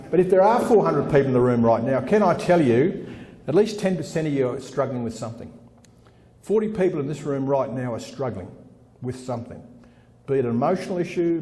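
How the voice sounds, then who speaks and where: Middle-aged man, motivational keynote, blunt and repetitive, fairly high voice, mellow tone, long hall reverb. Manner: blunt and punchy, repeats lines for effect; keeps calling the audience "folks". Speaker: organizational consultant giving a keynote. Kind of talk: motivational conference speech. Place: large conference room with about 400 people.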